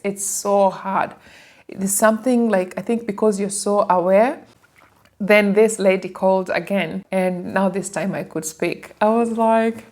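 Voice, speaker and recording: A woman in her thirties from Kenya with a Kenyan accent, telling her life story in a casual, emotional way to her viewers. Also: mid-range voice. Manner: animated, emotional, addresses viewers as guys.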